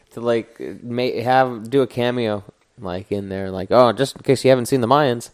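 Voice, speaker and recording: A man's voice: medium pitch, fairly even intonation, normal speed, a little mellow, clean tone. A young man co-hosting a podcast in casual chat, laid-back and giggly, often trailing off mid-sentence. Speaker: podcast co-host.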